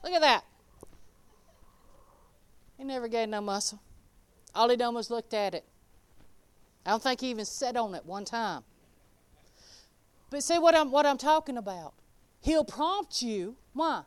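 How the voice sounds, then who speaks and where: A woman preaching an informal sermon, folksy and animated, calling out members of the congregation by name. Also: on the high side, normal speed, pauses often, clean tone.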